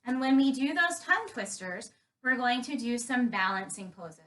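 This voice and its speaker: A woman guiding children through a yoga lesson, giving clear, encouraging step-by-step cues. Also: fairly high pitch, lively intonation, moderate pace, fairly bright tone, recorded from a distance. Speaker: kids yoga instructor.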